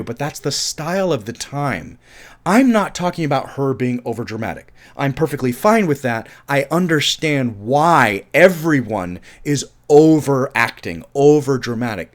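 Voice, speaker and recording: Frank, profane male film reviewer with a mid-range voice, who rambles and repeats himself when frustrated. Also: mid-range voice. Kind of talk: casual spoken film review.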